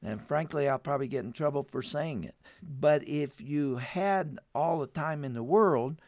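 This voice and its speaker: A man telling a family story in an earnest way, who then turns to warm, urgent encouragement. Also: on the high side, normal speed, no room sound, studio quality. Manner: heartfelt, rises to urgent appeals. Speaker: radio program guest.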